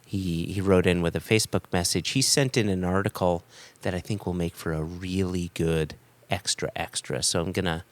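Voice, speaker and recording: A man's voice: low voice, fairly even intonation, normal speed, no echo. A man hosting a casual podcast, reading listener emails aloud, laughing often and trailing off mid-sentence. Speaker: podcast host.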